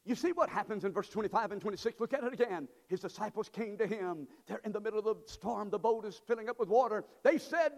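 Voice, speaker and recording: A male pastor preaching a sermon with call-and-response, swinging between shouts and low murmurs. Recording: long reverb of a large hall.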